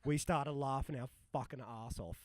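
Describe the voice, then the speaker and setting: Guy in his twenties, mid-pitched voice, dry close sound, swears and shouts punchlines while he tells the story. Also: normal speed, no echo. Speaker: touring musician guest. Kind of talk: animated storytelling. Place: live recording in a bar.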